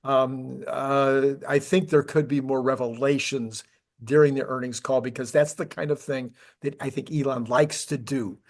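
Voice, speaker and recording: A man's voice: medium pitch, fairly even intonation, normal speed. A man with an ordinary mid-range voice co-hosts a casual tech talk. He rambles with enthusiasm, restarting phrases and piling up questions as he goes. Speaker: podcast co-host.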